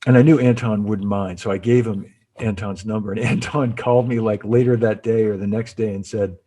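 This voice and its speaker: A man's voice: lowish voice, steady tone, fairly quick, warm tone, husky. A middle-aged man being interviewed as a guest, telling long stories with many restarts and asides. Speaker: interview guest, former cymbal company artist relations. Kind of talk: casual interview storytelling.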